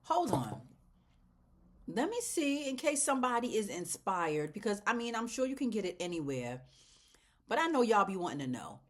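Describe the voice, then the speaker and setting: Expressive woman plant vlogger. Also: mid-range voice, moderate pace. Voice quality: expressive, swinging between loud exclamations and soft near-whispers. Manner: chatty and heartfelt, talking straight to viewers as y'all. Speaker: plant channel host. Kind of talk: casual plant vlog.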